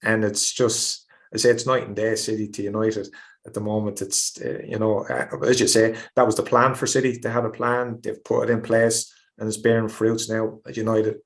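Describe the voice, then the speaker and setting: An Irish man and former footballer giving animated, repetitive football analysis on a podcast, acting out quotes as he goes. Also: on the low side, moderate pace. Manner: animated, repeats himself, acts out quotes. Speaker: former player, pundit.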